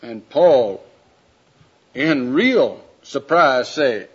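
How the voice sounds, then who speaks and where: A man preaching a sermon, telling a folksy story in a drawn-out, homespun way. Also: on the high side, animated. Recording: dull lo-fi recording.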